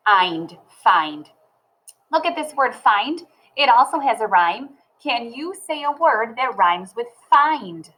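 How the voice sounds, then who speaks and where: A woman teaching a phonics lesson to young children, sounding words out slowly and clearly. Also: fairly high pitch, lively intonation, fairly bright tone, poor audio.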